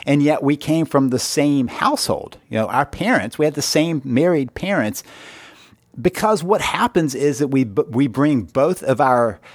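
A man's voice: a little high, animated, moderate pace, dry recording. A man hosting a podcast, talking casually and telling a story in a loose, conversational way. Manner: conversational storytelling with brief playful voices. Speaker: podcast host.

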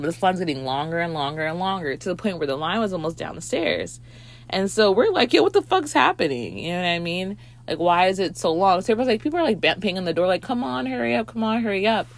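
Lively storytelling woman, slightly low voice. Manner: animated, profane, acts out quoted voices. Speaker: movie reviewer. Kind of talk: casual storytelling and movie review.

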